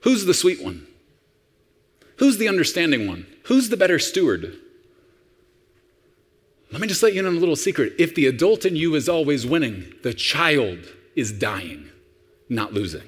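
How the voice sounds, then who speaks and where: A man preaching a sermon as pastor, animated and acting out dialogues. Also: on the high side, moderate pace, pauses often, breathy edge, in a large hall.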